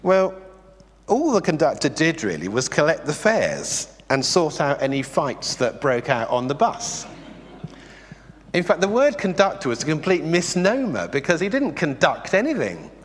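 Guy preaching a sermon, bit high voice, swings up and down a lot, long echo in a big hall. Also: normal speed, breathy edge. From England. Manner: animated, conversational, rhetorical questions.

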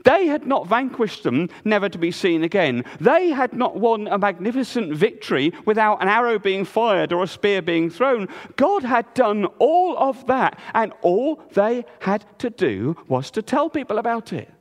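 A man preaching a sermon in a church, swinging between loud emphasis and hushed low tones. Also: very animated, normal speed, hardly any pauses. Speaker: pastor. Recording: long reverb of a church hall.

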